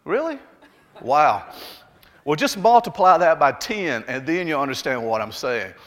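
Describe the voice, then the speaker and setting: A man's voice: fairly high pitch, sing-song, unhurried. Man, Alabama accent, pastor, folksy sermon, chatty asides to the congregation, long church-hall reverb. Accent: Southern US, Alabama.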